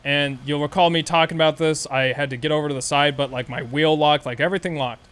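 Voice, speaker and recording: Man, high-pitched voice, casual storytelling, swearing, animated ranting. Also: quick pace, clear, resonant tone. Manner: profane, animated rant. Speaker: streamer.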